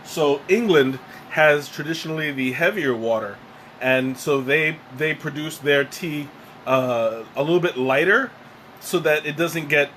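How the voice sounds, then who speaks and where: A man livestreams a casual tea tasting from home, fan running, sweating and breathing hard after choking while he rambles and belittles himself. He talks a little slowly in a slightly high, somewhat bright voice, with slight background noise.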